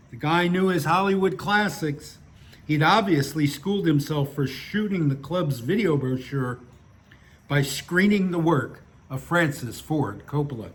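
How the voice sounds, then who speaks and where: This man has a fairly high, expressive voice and takes his time. He reads his own stories aloud and chats in between, grumbling his opinions with a dry, wry humor.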